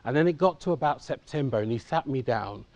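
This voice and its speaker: A man's voice: medium pitch, lively intonation, fast, darkish tone, dry recording. A man in his fifties from England, telling his own life story to an audience in a candid, conversational way and often checking in with them. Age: 50s. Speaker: conference speaker. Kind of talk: personal storytelling talk.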